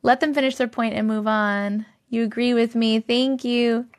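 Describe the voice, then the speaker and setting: Woman, livestream host, casual chat, bubbly, quick to laugh, fairly high voice, regular microphone. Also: steady tone. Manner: bubbly, laughs often, thanks viewers one by one. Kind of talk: casual livestream chat, reading comments aloud. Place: home basement.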